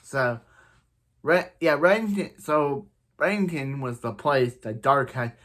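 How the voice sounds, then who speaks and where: A man's voice: medium pitch, takes it slowly, a bit bright. A man casually recapping a TV episode, rambling and exasperated, giving blunt opinions. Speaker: TV show reviewer.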